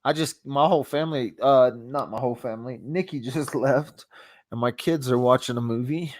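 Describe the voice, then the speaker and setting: A man's voice: medium pitch, moderate pace, a little mellow, dry recording. A man with a stuffy nose from a cold, hosting a casual live-stream chat, rambling, laughing often and restarting his sentences. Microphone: phone.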